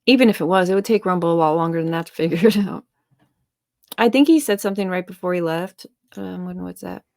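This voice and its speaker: A woman hosting a casual chat stream, blunt and teasing, thinking out loud. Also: on the low side, quick pace, gravelly, no room sound, studio quality. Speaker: stream host.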